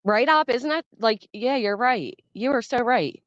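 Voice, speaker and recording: A woman's voice: on the high side, animated, a little slow, no echo. Chatty woman streamer greeting viewers. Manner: chatty, greets viewers by name while reading chat. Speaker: livestream host. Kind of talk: casual livestream chat. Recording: dull dry sound.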